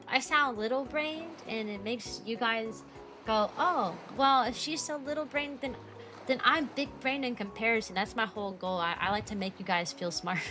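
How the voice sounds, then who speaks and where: A young adult woman streaming as a VTuber, rambling through casual chat with giggles and self-deprecating jokes. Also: mid-range voice. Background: background music.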